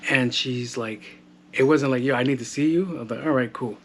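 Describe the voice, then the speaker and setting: A man's voice: mid-range voice, fairly quick. Man, podcast host, casual solo chat, joking, swears a lot, home mic, faint household noise behind. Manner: loose, joking, swears freely. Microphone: modded home microphone. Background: household background noise.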